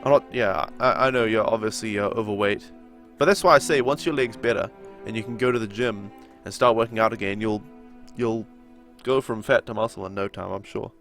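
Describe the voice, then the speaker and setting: A man's voice: on the low side, a little fast, vocal fry, hardly any pauses, a bit bright, soft background music. A young man with a nasal voice and a sore throat, chatting casually as he streams a game and answers his viewers. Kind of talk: casual chat during a live game stream.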